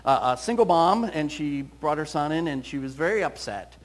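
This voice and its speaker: Male counselor, storytelling talk; fairly high, very lively pitch. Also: normal speed. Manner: animated storyteller, quoting voices.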